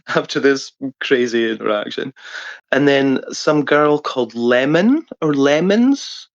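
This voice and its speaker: A man with a fairly high voice, recorded with no echo and dull audio, is a guest in an interview. He tells casual, animated gaming stories over a headset, often swearing and laughing.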